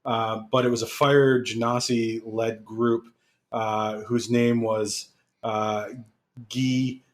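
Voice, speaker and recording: A man's voice: on the low side, level tone, slow pace. A man co-hosting a podcast, chatting casually and hesitating with lots of fillers. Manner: hesitant, many filler words. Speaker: podcast co-host. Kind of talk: casual chat.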